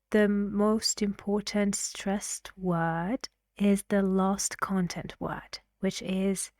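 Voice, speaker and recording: A woman's voice: medium pitch, a little mellow, no room sound, studio quality. A woman teaching an English pronunciation lesson, explaining patiently and asking the learners questions.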